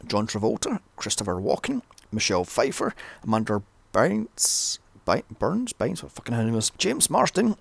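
A man's voice: medium pitch, vocal fry, no echo. A man giving a blunt, sweary, ranting film review. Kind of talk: casual solo review.

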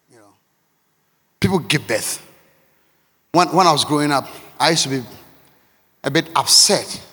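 Preacher, high and gravelly in a big reverberant hall. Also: male voice. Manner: impassioned, repetitive, swings between shouting and near-murmur. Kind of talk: sermon. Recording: long reverb of a large hall.

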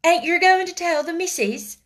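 A woman voicing a frightened, humble young servant girl, stammering and pleading in a high, breathy voice. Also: expressive, normal speed, a bit bright. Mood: anxious. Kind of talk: audiobook character voice.

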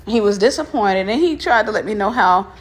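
Husky-voiced woman telling a story. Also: mid-range voice, animated, fairly quick. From Mississippi. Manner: candid, frank, addresses listeners directly; walking up stairs while talking. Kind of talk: casual personal storytelling.

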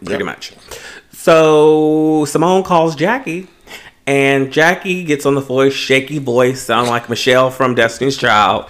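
A man co-hosting a podcast in relaxed, casual chat about reality TV. His voice is mid-pitched. He throws in dry, cutting quips and agrees quickly with his partner. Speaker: podcast co-host.

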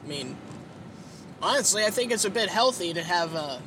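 Expressive and high-sitting, this man's voice moves at normal speed through a casual, drowsy monologue behind the wheel. He curses a lot and relies on fillers, with vehicle noise from the road and engine in the background.

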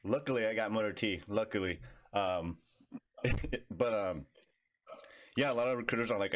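A man's voice: on the low side, moderate pace, pauses often. A man, a fellow veteran, interviewing in a laid-back way, with slang and cursing. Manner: casual, profane, laid-back questioning. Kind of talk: casual interview.

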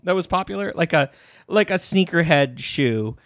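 A man's voice: a little high, animated, normal speed, a bit bright, no room sound, clean studio sound. A young man co-hosting a casual chat, playful and jokey, laughing often.

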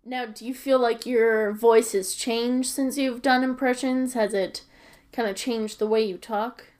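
A woman interviewing a guest in a casual, unhurried and hesitant way, with fillers. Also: fairly high pitch, fairly even intonation, darkish tone.

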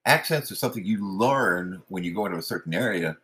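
A man's voice: deep voice, expressive, fast, sharp tone. A man hosting a podcast, talking in a blunt, rambling, sarcastic opinion monologue full of filler. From West Coast of the US. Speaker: podcast host.

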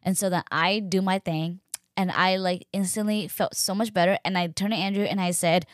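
A young woman casually telling her own story, chatty and animated, acting out what others said. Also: brisk, no room sound, clean studio sound. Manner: chatty, animated, acts out quoted voices with pitch jumps. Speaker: podcast host sharing her birth story.

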